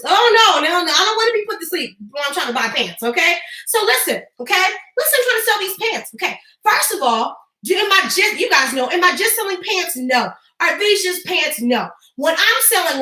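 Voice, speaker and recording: A high-voiced woman coach drives her points home emphatically, repeating herself for effect. Her tone is bright and sharp, and it bounces around an echoey room. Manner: emphatic, repetitive, laughing asides. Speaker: business coach. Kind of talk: live-stream coaching talk.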